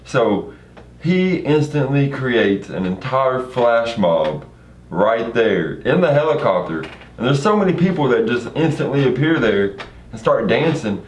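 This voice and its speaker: A man's voice: medium pitch, measured pace. Young guy making up a silly story, laid back, echoey room, slight hiss. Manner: relaxed, second-person narration with fillers. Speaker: co-host and storyteller. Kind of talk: casual improvised storytelling. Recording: echoey room with faint noise.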